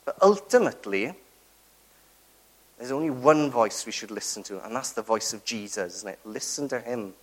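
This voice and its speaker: A man's voice: mid-range voice, expressive, normal speed. A man preaching a sermon, earnest and emphatic, who keeps turning to the congregation with rhetorical tag questions.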